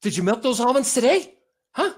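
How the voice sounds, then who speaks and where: A man voicing an impression of a breathless, punchy tough-guy movie star, with a hoarse voice. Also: very high voice, very animated, fairly quick, pitched above the performer's own voice, heavily acted. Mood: swaggering.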